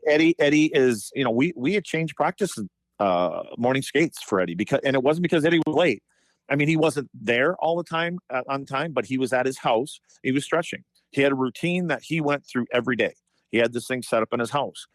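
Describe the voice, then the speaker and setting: A man in his fifties, a former hockey player, telling animated stories on a podcast with lots of restarts. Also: medium pitch, a little fast, dry recording. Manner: animated anecdotes, frequent restarts and profanity in quotes. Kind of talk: casual storytelling chat.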